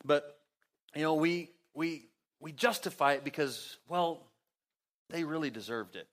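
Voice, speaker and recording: A man preaching a sermon as pastor, talking conversationally with sarcasm, his pitch and loudness jumping as he acts out quotes. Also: measured pace. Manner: big swings in pitch and loudness.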